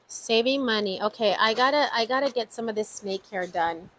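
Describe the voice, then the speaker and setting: A woman's voice: on the high side, lively intonation, normal speed, fairly bright tone, no room sound, rough recording. A woman hosting a casual budgeting vlog, chatting to viewers, counting numbers aloud and exclaiming often. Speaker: budgeting channel host. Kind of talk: casual savings-challenge vlog.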